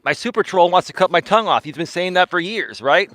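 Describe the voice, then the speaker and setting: A man's voice: high-pitched, lively intonation, quick pace, a bit bright, no room sound. A man hosting a casual live-stream monologue while walking, speaking with emphasis, repeating words and tagging lines with "right?". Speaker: life coach and live-stream host.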